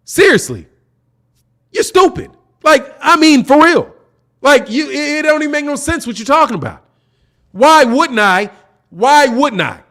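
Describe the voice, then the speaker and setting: A man's voice: extremely high pitch, animated, a little slow, long pauses, pushed and bright. A man hosting a boxing channel, arguing heatedly in an opinion rant, profane and repeating his points for emphasis.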